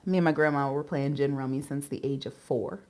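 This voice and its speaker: A woman doing a casual live tarot reading, chatty and candid, with casual swearing and quick giggles. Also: rumbling low, steady tone, very noisy. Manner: emotional and giggly. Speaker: tarot reader.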